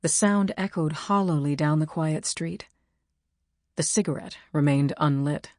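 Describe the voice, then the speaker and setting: A woman reading an audiobook in measured, wry scripted narration. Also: sits low, darkish tone, dry recording, clean studio sound.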